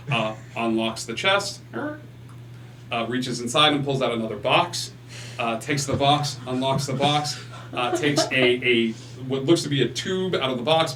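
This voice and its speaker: A man's voice: medium pitch, a bit bright, roomy sound, recorded from a distance, a little hiss or hum. A man acting as game master, narrating a tabletop game with lots of fillers and restarts. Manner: halting, full of fillers.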